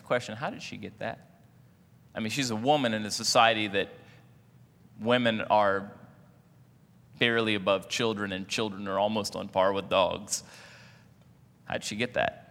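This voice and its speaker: Joking, bright-voiced man preaching. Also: fairly low pitch, long reverb tail. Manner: casual, joking, asks the congregation questions. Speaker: pastor. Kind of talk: sermon.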